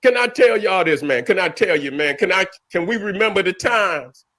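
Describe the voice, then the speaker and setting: A man's voice: high-pitched, lively intonation, moderate pace, sharp tone. A middle-aged man giving a profane, repetitive, preachy commentary rant as host. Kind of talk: ranting commentary.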